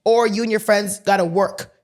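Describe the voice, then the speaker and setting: A woman co-hosting a podcast who tells a story in casual chat, animated, swearing freely and acting out the dialogue. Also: mid-range voice, normal speed. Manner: animated, swears freely, laughs mid-sentence; acts out quoted dialogue. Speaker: podcast co-host.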